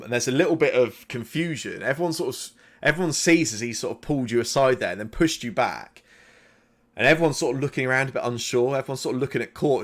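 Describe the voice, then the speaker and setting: A man in the game master's seat, telling the story of a tabletop session in a relaxed, rambling way. His voice sits at an ordinary middle pitch, and he pads his narration with casual fillers. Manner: loose, conversational narration full of fillers.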